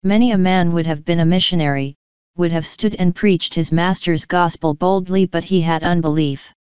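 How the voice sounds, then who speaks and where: A woman reading an old sermon aloud in a measured, declamatory manner. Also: fairly low pitch, darkish tone, clean tone, no room sound. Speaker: sermon reader. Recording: dry, slightly dull lo-fi recording.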